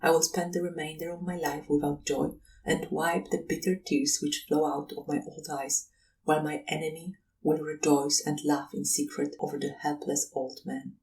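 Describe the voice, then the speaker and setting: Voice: medium pitch, animated, a little fast, lightly acted. Grieving vengeful old colonel, read by the narrator, solemn, distant faint-hiss recording. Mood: mourning. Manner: solemn, mournful. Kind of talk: audiobook reading.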